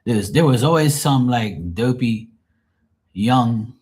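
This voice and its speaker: A man telling cruise stories on a livestream, casual, profane and animated. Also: medium pitch, slow pace, husky. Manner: profane, animated, mimics people. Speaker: tarot reader and streamer.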